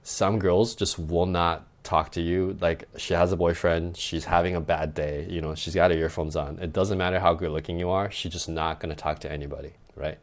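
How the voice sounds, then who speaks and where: With a deep voice, little pitch movement, moderate pace and hardly any pauses, a young adult dating coach chats loosely on a podcast. He offers casual advice, frequently saying "like" and tagging lines with "right?".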